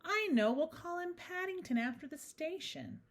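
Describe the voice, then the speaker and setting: A woman voicing a kindly, excitable mother in a high, exclaiming voice for a read-aloud storybook. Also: normal speed. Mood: excited.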